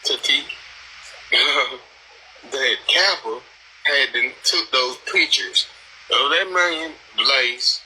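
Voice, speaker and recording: A man's voice: medium pitch, extremely slow, pauses often, pushed and bright, a little hiss or hum, low-quality recording. A man hosting a live stream panel, talking in a blunt, rambling, profane casual chat.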